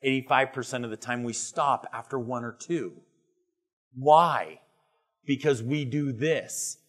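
Middle-aged male keynote speaker, storytelling, emphatic, animated. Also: mid-range voice, measured pace, breathy edge. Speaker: business speaker. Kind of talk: motivational keynote talk. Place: retreat event.

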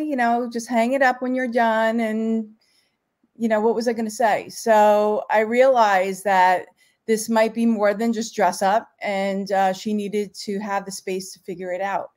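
A woman's voice: medium pitch, a little mellow. Heartfelt middle-aged mother telling her story. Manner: heartfelt, halting, emotional. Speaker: parent guest. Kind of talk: personal storytelling in a live interview.

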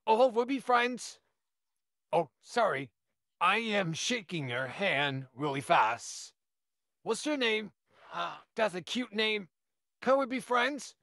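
A man's voice: high-pitched, pushed and bright, no room sound, clean studio sound, heavily acted. A man voicing an overexcited, friendly young neighbor who gushes and stammers, in a listener role-play. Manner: eager, gushing, stammering.

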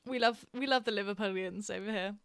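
A woman's voice: mid-range voice, fast talker, clear, resonant tone, dry recording, clean studio sound. A young woman from England streaming a game, chatting casually and telling stories with frequent giggles and fillers. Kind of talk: casual chat while gaming.

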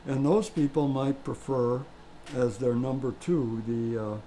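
A man co-hosts a relaxed coffee tasting, speaking very slowly in a mellow, dark tone. He picks his words haltingly and carefully, with a faint hum of room ambience behind him. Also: mid-range voice, poor audio. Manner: slow, halting, measured. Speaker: co-host. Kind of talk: casual tasting chat.

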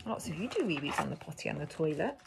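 Lively sing-song woman reading aloud. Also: deep voice, fast talker, creaky, noisy background. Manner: animated and sing-song, with frequent gasps. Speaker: nursery teacher. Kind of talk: reading a picture book aloud to toddlers.

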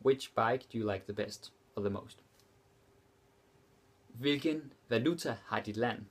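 A young man teaching a language lesson, repeating example phrases slowly and explaining them casually. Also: mid-range voice.

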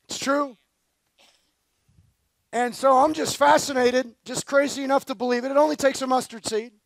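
A man preaching at a conference, telling a story in a loose, slangy and energetic way, full of fillers. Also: extremely high pitch, moderate pace, gravelly, dry recording. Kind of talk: storytelling sermon.

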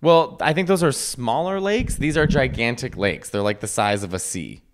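A man's voice: medium pitch, animated. A man from Chicago with a Chicago accent, co-hosting a casual comedy podcast in a chatty, teasing way. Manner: teasing, chatty, quick to explain. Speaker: podcast co-host.

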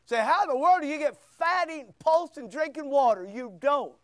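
A man preaching a sermon as pastor, emphatic with sudden loud bursts and quiet asides. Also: very high-pitched, lively intonation, moderate pace, no room sound.

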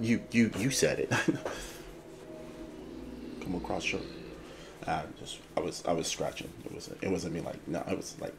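A man's voice: lowish voice, moderate pace, darkish tone, slight background noise. A man hosting his channel in a casual, playful chat, rambling and joking before a game trailer reaction. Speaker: host.

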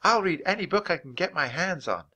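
A man's voice: fairly high pitch, lively intonation, a little fast, voice pushed up. A man voicing a kindly, polite frontier schoolteacher woman in a children's storybook reading. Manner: gentle, polite, encouraging.

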